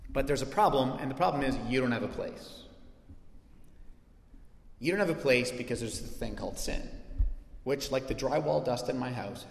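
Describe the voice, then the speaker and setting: A man preaching a sermon in a church hall, animated and joking, acting out quick asides. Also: medium pitch. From North America. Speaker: pastor. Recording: echoey hall.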